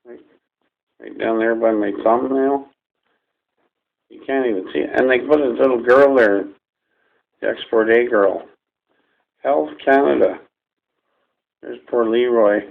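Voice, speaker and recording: A man with a very gravelly, fried voice rants in a slow, rambling, folksy way, swearing freely. The sound is thin and tinny, like it was captured through a phone line. He talks straight to his viewers. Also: medium pitch, fairly even intonation. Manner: rambling, profane, folksy ranting. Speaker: vlogger. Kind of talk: ranting to-camera video.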